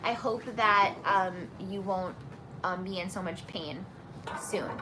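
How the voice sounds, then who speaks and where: A woman's voice: mid-range voice, slow, heavy background noise. A young woman singing teacher chatting casually while answering viewer questions, friendly and full of fillers. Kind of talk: casual live Q&A chat.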